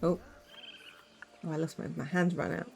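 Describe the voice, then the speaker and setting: A woman's voice: lowish voice, flat delivery, moderate pace, gravelly, a little mellow, soft background music. A woman streaming a game, chatting casually with rambling asides and giggles. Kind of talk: casual let's-play commentary.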